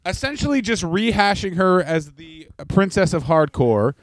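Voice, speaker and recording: A man's voice: high voice, lively intonation, moderate pace, no room sound. A man co-hosting a comedy podcast, ranting in crude, sardonic banter. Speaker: podcast co-host.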